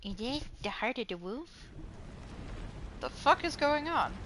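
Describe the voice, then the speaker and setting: A woman streamer giving casual, excitable gaming commentary, cursing and laughing often. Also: high voice, measured pace, a little hiss or hum.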